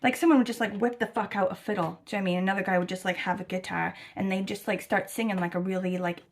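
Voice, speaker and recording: A young American woman chatting casually to camera about her travels, rambling and animated, with lots of fillers and swearing. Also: medium pitch, fast talker. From United States. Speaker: travel vlogger. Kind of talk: casual chat.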